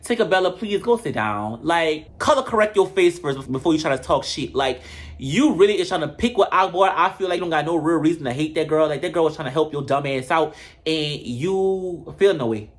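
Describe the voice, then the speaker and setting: A brash, gossipy recapper runs through a reality show with profane comedy and blunt opinions. The voice sits at a middle pitch and talks straight to the audience. The tone is loose and chatty. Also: lively intonation, a little fast.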